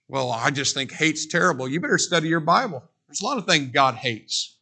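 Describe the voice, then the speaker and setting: A middle-aged male preacher delivers an emphatic sermon from the pulpit of a church. His voice is bright, piercing and forceful, and it sits slightly higher than most men's. He hammers his points home with repeated phrases and dramatic pauses. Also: animated, creaky. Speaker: pastor. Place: church sanctuary.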